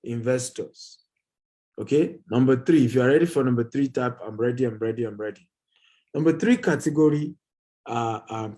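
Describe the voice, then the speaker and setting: A man's voice: medium pitch, mellow. A man hosting a live stream on investing, urging viewers to type their replies. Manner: urges viewers to type replies, hyping them up. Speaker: real estate company managing director hosting a live session.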